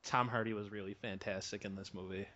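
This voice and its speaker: Laid-back low-voiced man on a lo-fi mic. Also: steady tone, quick pace, bright, forceful tone. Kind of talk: casual movie discussion.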